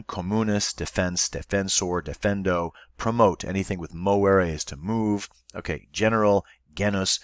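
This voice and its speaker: A man's voice: deep voice, dry recording, studio quality. A male teacher giving a recorded online class lesson, explaining step by step and thinking aloud as he goes.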